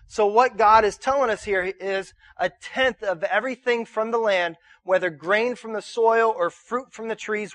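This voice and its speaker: A male pastor with a high, fairly bright voice delivers a sermon in a conversational style, recorded with no room sound. He invites the congregation to answer his questions in call-and-response fashion and often repeats words as he restarts.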